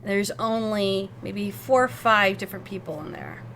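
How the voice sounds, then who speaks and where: A woman running a tabletop role-playing game as game master, narrating scenes in a lively, descriptive way with frequent self-corrections. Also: mid-range voice, moderate pace, slight background noise.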